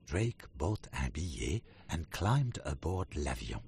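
A man reading a children's picture book aloud in a slow, expressive way, then going through a glossary word by word. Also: extremely low pitch, creaky, husky, no echo. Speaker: storybook narrator.

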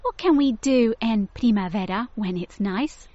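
A woman's voice: expressive, unhurried, warm tone, no echo. A woman voicing a young, curious girl tortoise who tires easily, in a storybook read-aloud. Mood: eager. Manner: high, eager, wondering. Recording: dull lo-fi dry recording.

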